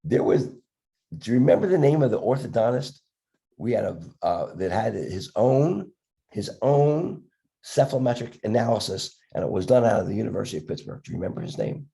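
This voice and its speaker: An older man, a dentist with a cough from a respiratory illness, telling stories in a podcast chat, acting out the voices in his anecdotes with halting restarts. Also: lowish voice, sing-song, vocal fry, mellow. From Philadelphia area, USA. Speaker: dentist guest.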